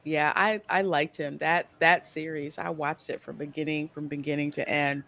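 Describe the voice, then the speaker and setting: A woman's voice: low voice, level tone, normal speed, fairly bright tone. A woman hosting a casual livestream chat about movies and reading out viewer comments. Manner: chatty, reads viewer comments aloud. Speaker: livestream host.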